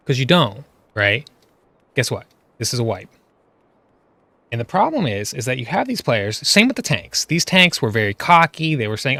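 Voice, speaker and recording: A man's voice: medium pitch, very animated, measured pace, bright, forceful tone, dry recording. Exasperated man ranting over gameplay. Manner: exasperated, full of rhetorical questions. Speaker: gaming video creator.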